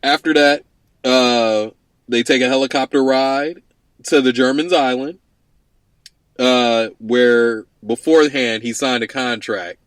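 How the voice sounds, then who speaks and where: A man's voice: medium pitch, slow, no echo. Laid-back man, dry close sound. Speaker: co-host. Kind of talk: casual movie recap chat.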